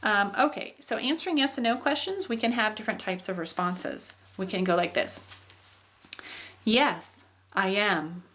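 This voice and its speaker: A woman teaching in a patient, explanatory way, pausing on "um" and checking in with "okay." She shows examples by exaggerating how her voice swoops up and drops down. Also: medium pitch, expressive, fairly bright tone. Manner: demonstrates phrases with exaggerated rises and falls. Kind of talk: explaining English intonation.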